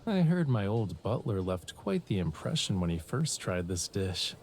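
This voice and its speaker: A man's voice: low-pitched, sing-song, moderate pace, a little mellow, slight background noise. An actor voicing a sly, teasing young Lemurian man in a romance game, speaking in a playful, knowing way. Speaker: game character.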